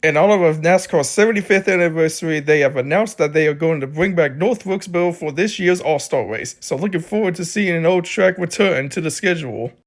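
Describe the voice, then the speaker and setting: A man's voice: on the high side, a little fast, few pauses. A man hosting a casual race recap in a plain, matter-of-fact way. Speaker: host of fan recap.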